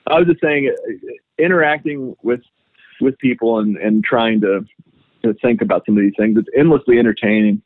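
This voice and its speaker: A man's voice: mid-range voice, normal speed, darkish tone, no room sound. A man, a farmer guest on a podcast, chatting casually and rambling with lots of filler words. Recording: phone-like narrow sound.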